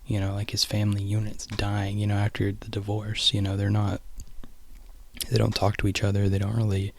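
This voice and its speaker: Rambling gravelly-voiced man. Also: lowish voice, monotone, a little fast, no room sound. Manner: rambling, heavy on "you know" and "like". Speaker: vlogger retelling a film. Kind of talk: casual rambling monologue.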